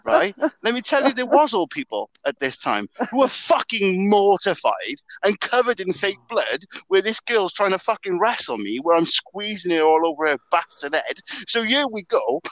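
A young Welsh man telling a story in casual chat, animated and swearing a lot. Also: high voice, moderate pace, few pauses, no echo, rough recording. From Wales.

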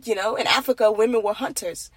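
A woman's voice: on the high side, fast talker, slightly rough, dry recording. A young woman from Nigeria talking in an earnest, rambling way about faith and marriage. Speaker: faith vlogger. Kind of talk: casual faith monologue.

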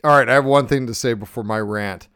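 Guy ranting fast and swearing a lot on a podcast, smooth voice, dry mic. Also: medium pitch, dry recording. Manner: profane, excitable ranting. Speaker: podcast host. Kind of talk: casual podcast chat.

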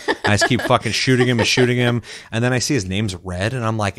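A man chatting casually about a video game, telling a story with lots of swearing and animated quoting. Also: lowish voice, a little fast. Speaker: co-host. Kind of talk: casual gaming chat.

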